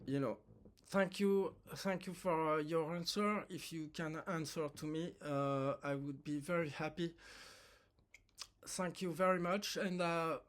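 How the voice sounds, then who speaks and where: A man speaks in a slightly raised voice, slowly and haltingly. He often restarts his sentences as he earnestly puts his question in a personal video message. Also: a little high, steady tone, a bit bright. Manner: halting, hesitant, many restarts; earnest, heartfelt. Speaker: viewer asking a question.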